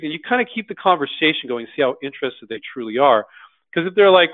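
A man hosting a live question-and-answer session, speaking bluntly and casually and acting out quoted voices with lively jumps in pitch. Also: fast talker, no room sound. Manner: animated, acts out quoted voices, blunt and slangy. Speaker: host answering viewer questions. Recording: dry tinny phone-like sound.

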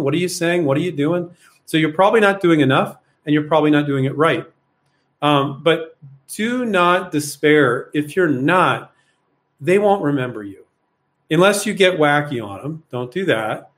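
A man with a somewhat high, slightly bright voice hosts a live Q&A, coaching viewers casually. He answers their questions bluntly and ramblingly, full of fillers and rhetorical questions.

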